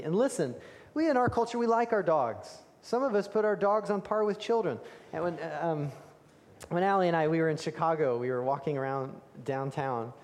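A man preaching a sermon, telling the story with animated emphasis and dropping to hushed tones for key moments. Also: fairly high pitch. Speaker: pastor. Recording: reverberant hall.

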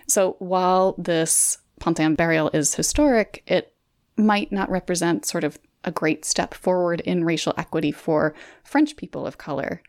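A woman with a lowish, gravelly voice co-hosts a podcast discussion. She talks in a measured, thoughtful way, laying out her points conversationally. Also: fairly even intonation, a little mellow. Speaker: podcast co-host.

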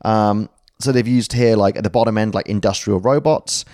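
Low-voiced man explaining with jokes. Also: moderate pace, darkish tone, no echo, studio quality. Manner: jokey, rambling, self-correcting. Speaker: podcast co-host. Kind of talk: casual explanatory chat.

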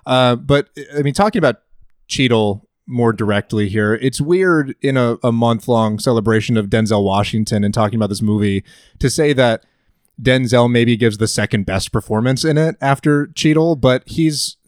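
A man as podcast guest, discussing actors and a film in a measured, thoughtful way. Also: medium pitch, no room sound, clean studio sound.

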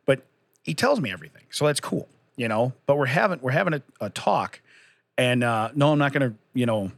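A man's voice: medium pitch, lively intonation, brisk, gravelly, dry recording. A man in his forties telling long, rambling stories and laughing often as a podcast host in casual chat.

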